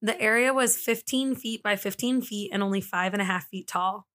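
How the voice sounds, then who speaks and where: A woman's voice: medium pitch, fairly bright tone. A woman hosting a podcast, telling a true-crime story in a casual, chatty way with lots of "like" fillers. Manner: chatty, frequent "like" fillers, laughs easily. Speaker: podcast host.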